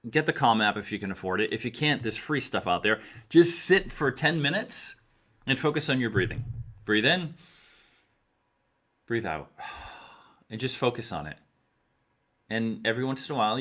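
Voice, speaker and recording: Medium-pitched and a bit bright, a middle-aged man talks to the camera giving sincere, direct advice. He coaches the people listening, coming back to key phrases again and again for emphasis.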